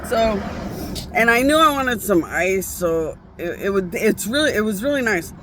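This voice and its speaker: A woman's voice: mid-range voice, lively intonation, normal speed, background noise. A woman vlogging a casual, rambling monologue, profane and often breaking off to restart her sentences.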